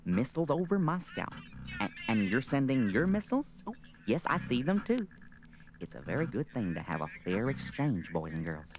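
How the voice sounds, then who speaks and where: A man playing an older president as a slow, sing-song children's TV show host. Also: mid-range voice, big pitch swings, over music. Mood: cheery. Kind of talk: comedy record sketch.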